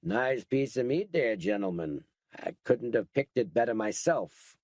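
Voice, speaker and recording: A man's voice: medium pitch, expressive, unhurried, darkish tone, no echo, lightly acted. Man as menacing biker gang leader, soothing drawl, mock-polite, dry close sound. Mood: oily.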